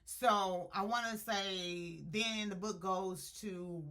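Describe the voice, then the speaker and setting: A woman speaking recaps a book for her viewers in loose, chatty slang. Her voice is bright and forceful. She drifts into quick impressions of the characters as she goes. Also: medium pitch. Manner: animated storyteller acting out characters' quotes with slang. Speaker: book reviewer. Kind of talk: casual spoiler-filled plot retelling.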